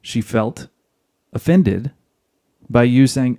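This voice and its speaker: A man's voice: medium pitch, lively intonation, unhurried, darkish tone. A man hosting a podcast, giving marriage advice in a direct, lecturing monologue aimed at other men. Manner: direct, lecturing, addresses listeners as guys.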